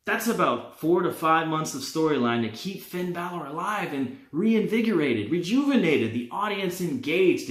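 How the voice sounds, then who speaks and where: A man hosting a wrestling vlog, talking in an animated, opinionated way and laughing now and then. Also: a little high. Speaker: wrestling vlogger. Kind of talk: casual fantasy-booking talk. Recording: roomy, echoey.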